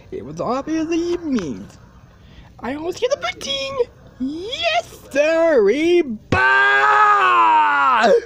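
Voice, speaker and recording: A performer voicing a hot-tempered cartoonish gamer who keeps rising from forced calm into shrieking fits of rage at a hard game. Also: medium pitch. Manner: swings between forced calm and shrieking outbursts.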